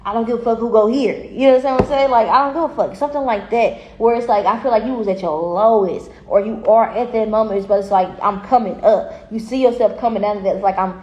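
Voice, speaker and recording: A woman giving a casual tarot reading, talking bluntly and profanely in an animated way and laughing often. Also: a little high, fast talker, hardly any pauses. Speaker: tarot reader. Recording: echoey room.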